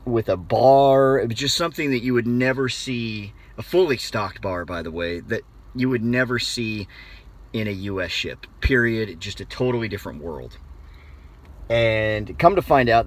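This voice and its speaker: An American man telling a personal story in a casual, animated way, often restarting his phrases. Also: fairly low pitch. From United States. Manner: animated, conversational, with frequent restarts. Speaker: motivational speaker.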